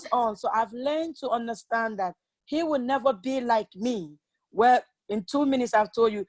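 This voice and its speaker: A woman's voice: on the high side, unhurried, dry recording. A woman speaking at a relationship seminar, telling her own experiences in a candid storytelling manner and acting out the lines people said to her. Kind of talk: personal testimony talk.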